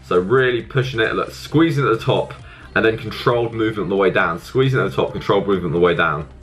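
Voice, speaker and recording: A man's voice: on the low side, quick pace, a bit bright, faint music behind. A young man casually explaining his arm workout in a gym, coaching and swearing freely. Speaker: fitness vlogger.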